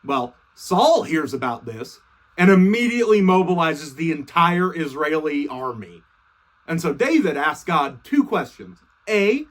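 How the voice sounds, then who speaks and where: Give me a young man casually retelling a story with slang and swearing, voice lively and up-and-down. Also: a little high. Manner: slangy, profane, offhand.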